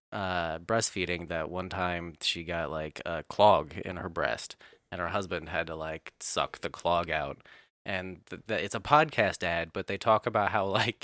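Low-voiced male co-host, crude joker, dry close mic. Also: bright, forceful tone, no room sound. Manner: joking, crude, laughing. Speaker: podcast co-host. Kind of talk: casual podcast banter.

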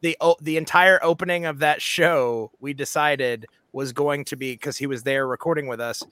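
A man's voice: a little high, moderate pace, clean tone, dry recording. A man hosting a casual podcast, telling stories with lots of laughter. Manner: animated, laughing storyteller. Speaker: podcast host.

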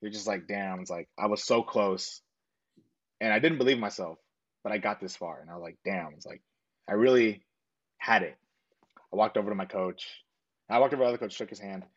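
A man's voice: on the low side, brisk, long pauses, fairly bright tone, highs cut off. A young man telling a personal story in a casual, earnest way, full of fillers and quoted back-and-forth. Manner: earnest, rambling with frequent fillers and self-quotes. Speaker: interviewee.

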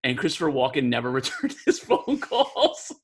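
A man's voice: mid-range voice, very animated, normal speed, husky. A young man telling a long story in casual chat, rambling and packing every phrase with "like". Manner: rambling, heavy use of "like". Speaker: podcast co-host.

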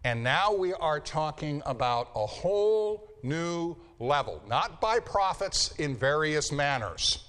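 A man's voice: a little high, very animated, slow pace, few pauses, fairly bright tone. A man lecturing a Bible class, repeating key phrases for emphasis and checking in with his students. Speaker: Bible teacher.

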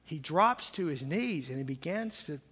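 A man preaching a sermon as pastor, impassioned, swinging between loud emphatic peaks and hushed intensity. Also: fairly high pitch, expressive, normal speed, slightly rough. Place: church sanctuary. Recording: long hall reverb.

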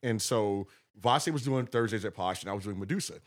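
Fast-talking husky man from Texas. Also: on the low side. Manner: animated, acts out quotes with laughter. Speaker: guest promoter. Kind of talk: casual storytelling.

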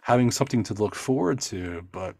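A man's voice: fairly low pitch, expressive, a little fast, vocal fry, a little mellow, no room sound, studio quality. A man hosting a podcast in casual chat, jokey and sarcastic, swearing freely. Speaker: podcast host.

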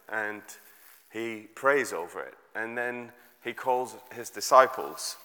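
Chatty preacher in an echoey hall. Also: male voice, on the low side, sharp tone. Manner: chatty, digressive, self-deprecating humor. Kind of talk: informal sermon with props. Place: church hall with audience.

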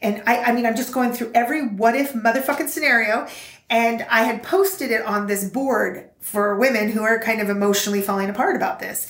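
A woman's voice: on the high side, brisk. Swearing, blunt older woman in an echoey room. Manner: blunt, swears freely, animated storytelling. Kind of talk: casual chat.

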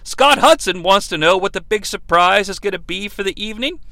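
A man's voice: high-pitched, expressive, fairly quick, creaky, bright, forceful tone, dry recording. A man hosting a podcast, giving a sarcastic, irreverent comedic recap with some swearing. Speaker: podcast host.

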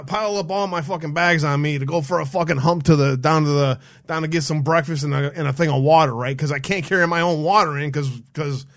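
A male host with a somewhat high voice tells a story in a fired-up rant. He swears constantly and keeps stumbling and restarting mid-sentence. His delivery is casual and heated. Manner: profane, heated, restarts often. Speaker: stream host taking callers.

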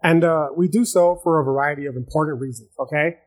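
Husky-voiced man hosting a podcast. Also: a little high, fast talker. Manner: loose and profane, slangy, calls listeners "dog"; explains at length with many fillers and restarts. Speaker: podcast host. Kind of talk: casual solo podcast lecture.

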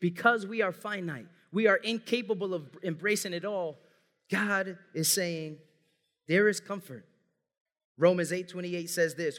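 A man's voice: high voice, measured pace, fairly bright tone. A man preaching an earnest sermon as pastor, speaking to his congregation as family. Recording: long hall reverb.

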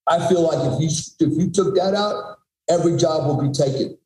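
A man's voice: on the high side, brisk, darkish tone. A middle-aged man, a podcast guest, telling a story in a blunt, emphatic, profane way. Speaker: podcast guest, former special forces soldier. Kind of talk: conversational storytelling. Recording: roomy echo.

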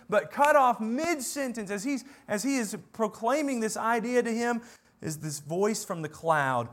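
A man preaching a sermon, earnest, building to emphatic peaks and dropping to quiet asides. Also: sits high, animated, normal speed.

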